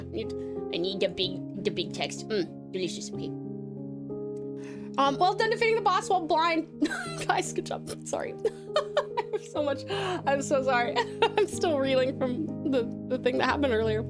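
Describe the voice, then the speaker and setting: A woman's voice: high-pitched, sing-song, moderate pace. A woman from Tasmania, a streamer chatting casually with viewers and reading stories aloud. She is giggly, playful and swears casually. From Tasmania, Australia. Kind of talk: casual live-stream chat and story reading. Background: soft piano music.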